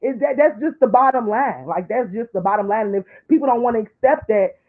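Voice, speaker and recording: A woman talks on a live stream, sliding between low, confiding asides and high, tearful pleading. Her voice is thin and tinny, as if heard over a phone line. She sounds like a commentator sermonizing to her viewers. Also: lively intonation, brisk. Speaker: online commentator. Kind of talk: emotional live-stream talk.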